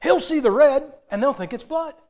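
Older male preacher, high pitched, folksy storyteller with a joking streak, church sermon. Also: animated, moderate pace. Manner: folksy, joking, acts out movie scenes.

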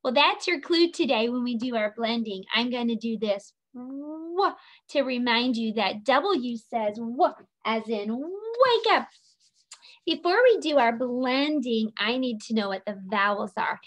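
A woman's voice: a little high, expressive, normal speed, a bit bright. A woman teacher giving a children's phonics and handwriting lesson, patient and sing-song, drawing out each letter sound.

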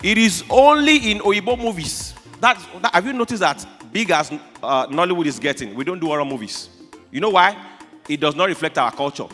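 Loud, bright Nigerian male comedian. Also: sits high, fairly quick, faint music behind. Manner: animated, shouting punchlines, mimicking squealing fans. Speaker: stand-up comedian. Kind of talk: stand-up comedy. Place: awards show stage.

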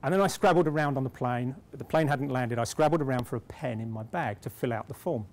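Speaking quickly in a medium-pitched, slightly mellow voice, a middle-aged Briton tells a self-deprecating tale at a conference, with restarts, before moving to his point. The conference hall recording carries slight background noise.

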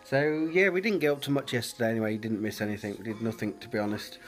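Talking quickly in a mid-range voice, a British man chats through his daily vlog indoors at home. He holds the phone in his hand and wanders from thought to thought, stumbling over fillers and starting sentences again.

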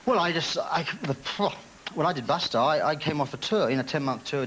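A male musician, a talk-show guest, speaking haltingly and often repeating his words. His voice sits a little high, over the clear hiss of an old TV broadcast. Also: fairly bright tone, low-quality recording.

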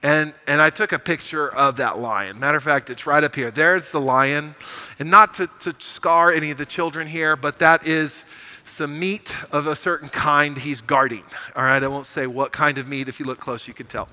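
A man's voice: fairly high pitch, steady tone, normal speed, sharp tone, low-quality recording. A middle-aged man preaching a sermon as pastor, telling a story with animation and building to emphatic proclamations. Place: church sanctuary.

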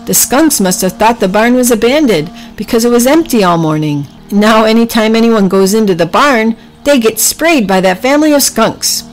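A woman voicing a calm, practical male barnyard animal. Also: a little high, normal speed, hardly any pauses, soft background music, pitched above the performer's own voice, natural voice, poor audio. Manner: steady, practical.

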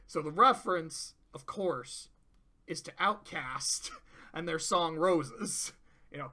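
Cartoon reviewer, casual commentary, profane, rambling, bright voice. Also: mid-range voice, normal speed.

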